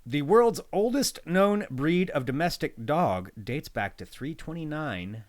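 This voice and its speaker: A man's voice: fairly high pitch, animated, measured pace. Guy cohosting a podcast from his spare room, jokey, voice bouncing all over. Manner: jokey, reads facts aloud with playful asides. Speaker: podcast co-host. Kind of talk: casual chat. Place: spare bedroom at home.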